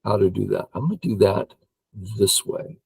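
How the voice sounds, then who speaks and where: Gravelly, husky older man thinking aloud. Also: lowish voice, moderate pace, poor audio. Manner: excitable, hums and counts under his breath. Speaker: Go teacher. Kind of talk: thinking aloud while playing.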